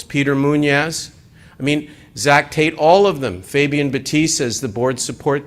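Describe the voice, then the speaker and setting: A man giving a presentation at an assembly, talking in an animated, conversational way with joking asides. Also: medium pitch. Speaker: conference speaker.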